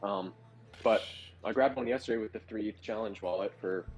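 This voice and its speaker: A man co-hosting a podcast, chatting in a relaxed and hesitant way with frequent ums. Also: on the low side, brisk, dull audio, faint music behind. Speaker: podcast co-host. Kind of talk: casual chat.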